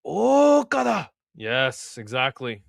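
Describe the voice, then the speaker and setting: Young male streamer, casual play-by-play, slangy and chatty, very animated pitch, dry close-miked sound. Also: slow, gravelly, no echo. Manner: laid-back, slangy, chats with viewers between bouts. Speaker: live stream host. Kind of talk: casual live reaction and play-by-play.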